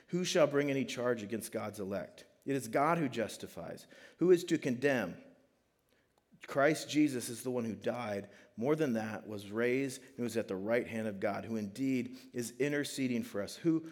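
A middle-aged man preaching in a casual, conversational way, reading scripture and telling family stories. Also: mid-range voice. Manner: conversational, animated storytelling with frequent "like". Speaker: pastor. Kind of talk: sermon.

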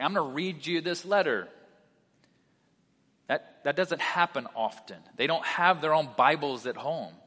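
Animated preaching man in a reverberant hall. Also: on the high side. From South Carolina. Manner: animated preaching, conversational asides. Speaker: pastor. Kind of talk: sermon.

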